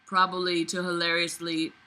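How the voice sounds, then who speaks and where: A woman with a very bright, cutting voice reads a novel aloud. She keeps stopping to mock it with sarcastic asides and plenty of swearing. She sounds exasperated with what she is reading. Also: on the low side, completely flat delivery, normal speed, poor audio. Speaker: reader of a novel.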